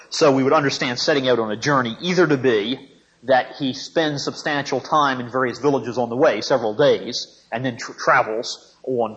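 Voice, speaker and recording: A man teaching a Bible lesson in a measured, thinking-aloud way, pausing often to gather his words. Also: mid-range voice. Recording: dull lo-fi recording.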